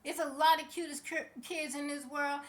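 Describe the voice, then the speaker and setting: High-pitched female vlogger, heated celebrity commentary, sassy and outspoken. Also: fairly even intonation, moderate pace. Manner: passionate, sassy, speaks straight to people.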